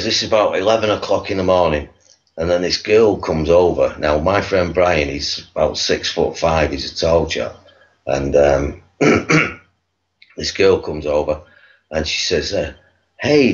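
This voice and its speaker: A man telling a long rambling anecdote as an interview guest, chuckling and full of fillers. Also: very deep voice. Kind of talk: anecdotal storytelling. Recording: dull lo-fi recording.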